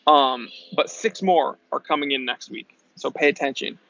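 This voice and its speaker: A man's voice: mid-range voice, normal speed, vocal fry, fairly bright tone. A young adult man hosting a casual live stream, reading out viewer comments in an upbeat, chatty way. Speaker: host.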